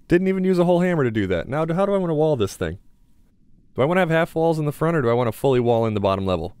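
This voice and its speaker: A man's voice: medium pitch, darkish tone, clean tone. A young man giving casual gameplay commentary as a gaming YouTuber, chatty and mildly sarcastic as he talks to himself.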